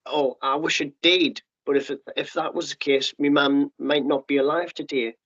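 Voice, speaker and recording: A middle-aged man telling his story as a podcast guest, blunt and sweary, with quick restarts and acted-out quotes. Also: a little high, steady tone, a bit bright, slightly rough. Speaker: podcast guest, former paratrooper. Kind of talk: candid storytelling interview. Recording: muffled lo-fi podcast audio.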